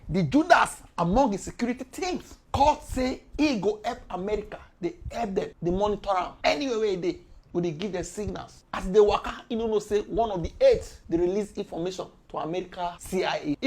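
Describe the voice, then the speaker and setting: Speaking in Nigerian Pidgin English, a woman commentates on the news in an animated, casual explainer, alternating between loud and soft delivery. Her voice is medium-pitched and slightly rough.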